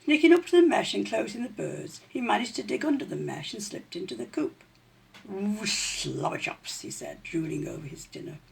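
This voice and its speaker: A woman reading a children's story aloud in an expressive, animated way. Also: medium pitch, a little fast, gravelly, few pauses, husky.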